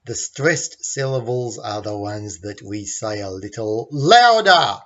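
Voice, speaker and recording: A man with an Australian accent teaching English pronunciation in a patient, deliberate way and demonstrating the sounds he explains. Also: fairly low pitch, lo-fi sound. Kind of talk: slow, deliberate teaching lesson.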